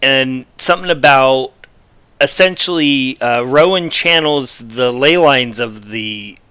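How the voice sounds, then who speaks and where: A man's voice: medium pitch, slow pace, bright, forceful tone, clear, resonant tone, no echo. A man co-hosting a podcast who chimes in with short questions and reactions in casual chat. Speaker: podcast co-host.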